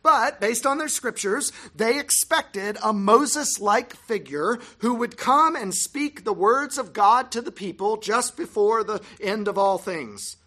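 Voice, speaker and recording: Bright clear voice, bible teacher reading a scripted lesson, measured pauses. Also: mid-range voice, animated.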